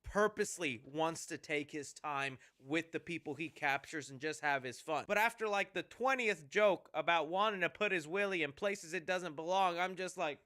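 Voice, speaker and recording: A man's voice: a little high, normal speed, hardly any pauses, pushed and bright. A man giving a sarcastic, joking movie review commentary.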